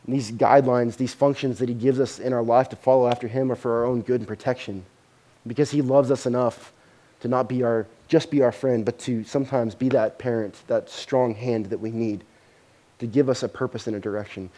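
Telling a story in the middle of his sermon, this pastor speaks fairly quickly in a mid-range male voice. His delivery is animated and swells in volume at the dramatic points.

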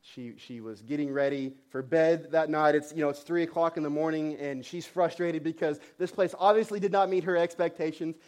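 A man in his thirties preaches a sermon in a noticeably high voice. He tells his story in an animated, self-mocking way, often restarting his phrases. He sounds like a pastor speaking to his congregation. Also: a little fast, hardly any pauses.

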